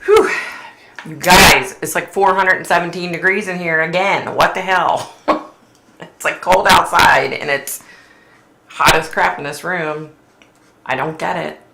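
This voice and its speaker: A woman's voice: lowish voice, unhurried, creaky, bright, forceful tone, reverberant, slight background noise. A woman hosting a casual live stream, chatting with viewers and reading their comments aloud, with lots of "like" and "you know.". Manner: chatty, says "like" and "you know" a lot, reads out chat messages. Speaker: livestream host, psychic.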